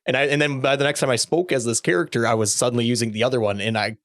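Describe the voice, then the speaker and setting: A man hosting a casual chat show, talking in a hesitant, halting way. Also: medium pitch, steady tone, fairly bright tone, dry recording. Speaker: host.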